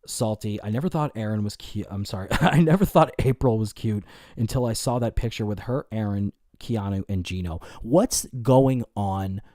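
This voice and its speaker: A man hosts a casual livestream, answering his chat in a rambling, profane way full of fillers and restarts. His voice is fairly low with a warm tone, he talks at a normal speed, and the recording is studio quality with no echo.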